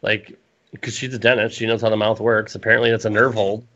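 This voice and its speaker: Man, podcast co-host, casual wrestling chat, profane, rambling, laughing, bright voice. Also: fairly low pitch, little pitch movement, quick pace, muffled recording.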